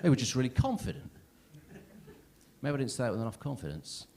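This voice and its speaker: Lively, rambling man in his thirties. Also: mid-range voice, fairly quick, a little hiss or hum. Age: 30s. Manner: rambling, self-deprecating, lots of "right?" and "yeah?". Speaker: stand-up comedian. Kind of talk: stand-up comedy set. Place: comedy club stage.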